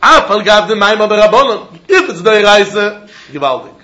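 A man giving a Talmud lesson in a lively, questioning way, mixing Yiddish terms into his English. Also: sits high, moderate pace. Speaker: Talmud teacher. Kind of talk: yeshiva-style Talmud lesson. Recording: dull echoey room with faint noise.

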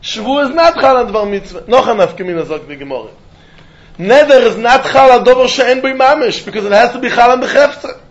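A man with a high-pitched voice leads a Talmud study lecture, reasoning aloud in an animated sing-song that slides between English and Yiddish and Hebrew terms. The recording is dull and lo-fi. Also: brisk. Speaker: Talmud teacher.

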